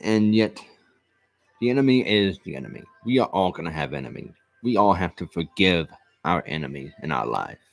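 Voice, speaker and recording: A man with a very low voice tells a personal story straight to the camera. He speaks earnestly and haltingly, circling back and repeating phrases as he goes. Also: sing-song, gravelly, no room sound. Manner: earnest, repetitive, halting restarts. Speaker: vlog host.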